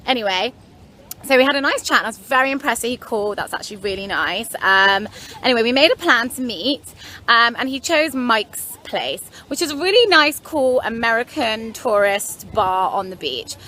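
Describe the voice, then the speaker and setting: A young woman from London rambles through a story for her vlog, full of "anyway" and wry asides. Her voice is bright and fairly high, and there is a faint hum of room ambience behind her. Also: lively intonation, moderate pace. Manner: chatty, rambling, lots of "anyway" and "like". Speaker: vlogger. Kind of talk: casual storytelling to camera.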